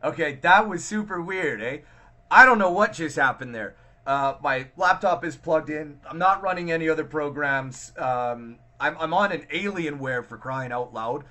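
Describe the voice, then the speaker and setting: A man's voice: fairly high pitch, expressive, moderate pace, sharp tone. A man hosting a casual live chat, thinking aloud with many restarts and fillers while answering viewer comments. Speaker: livestream host.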